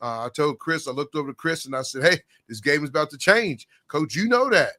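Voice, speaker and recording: A man hosting a casual high school basketball talk show, rambling and animated, often addressing his co-host. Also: brisk. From Oklahoma, US. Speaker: podcast host.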